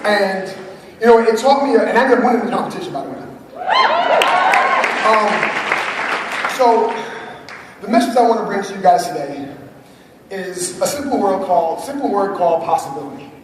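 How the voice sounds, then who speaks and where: A man in his thirties giving an energetic motivational speech to a live audience, laughing often and building to shouts. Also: high-pitched, normal speed, pauses often, crowd noise, noisy background. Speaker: motivational speaker. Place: large conference hall. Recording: echoey hall recording from far off.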